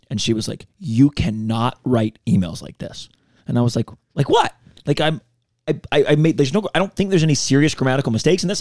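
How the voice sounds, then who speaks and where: A man's voice: medium pitch, a little mellow, no echo, studio quality. A man hosting a podcast interview, chatty and teasing, telling anecdotes in a casual way. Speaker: podcast host.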